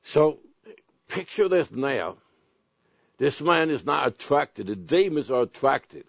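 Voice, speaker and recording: Man, preacher, sermon, deliberate scripture reading, dry close sound. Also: medium pitch, very animated, vocal fry, dry recording. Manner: storytelling, reads scripture slowly and deliberately. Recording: dull lo-fi sound.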